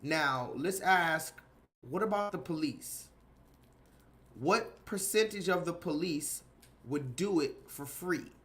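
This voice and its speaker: A man's voice: fairly high pitch, lively intonation, slow pace, a bit bright. A man hosting a casual livestream, rambling and repeating himself while reading out viewers' chat comments. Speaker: livestream host.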